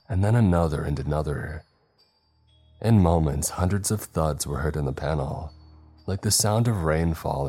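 A man narrating a first-person horror story in a tense, measured way. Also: a bass voice, a little mellow, breathy edge.

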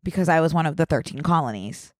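Lady cohost w/ a northeast us accent, kinda low voice, teasing and chatty, dry sound. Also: animated, fast talker, no echo. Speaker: podcast co-host. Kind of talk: casual chat.

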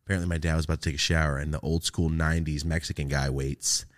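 With a rumbling low voice at a quick pace, a young podcast host from California chats casually and tells stories. He's lively and animated, laughs a lot and cusses constantly.

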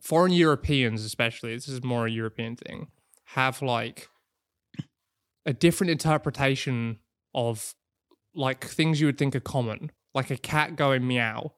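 A man's voice: medium pitch, moderate pace, no echo, clean studio sound. A man co-hosting a podcast, telling crude, joking travel stories in casual chat. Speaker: podcast co-host.

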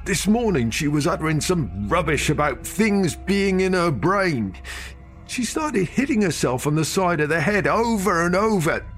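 A man's voice: high voice, very animated, a little slow, a bit bright, soft background music, voice pushed up, full character voice. A man voicing a worn-out middle-aged uncle near tears, weary and defeated. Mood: despairing. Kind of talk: audio drama narration.

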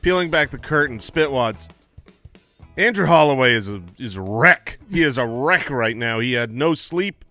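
A man co-hosting a podcast, telling a story with animated, playful energy. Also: medium pitch, normal speed, soft background music. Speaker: podcast co-host. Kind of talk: casual chat.

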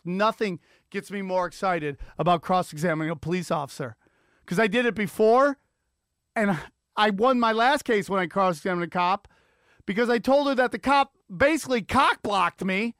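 A man with a high, bright-sitting voice tells a profane, animated story as a podcast host. He acts out sirens and quoted lines as he goes, and his excitement builds as he talks. The sound is close and dry, with no room behind him. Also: dry recording. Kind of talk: animated solo storytelling rant. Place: Los Angeles area.

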